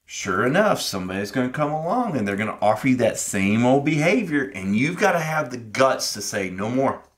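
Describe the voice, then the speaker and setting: A man's voice: medium pitch, sing-song, fairly quick, a bit bright. A middle-aged man co-hosting a podcast, telling a personal story in an earnest, reflective way and acting out his past conversations. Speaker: podcast co-host.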